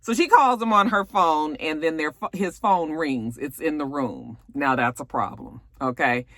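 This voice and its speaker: A woman's voice: low-pitched, moderate pace, no room sound. A young woman recapping a TV episode in a casual, slangy and profane way. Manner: animated, slangy, profane storytelling. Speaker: YouTube show reviewer.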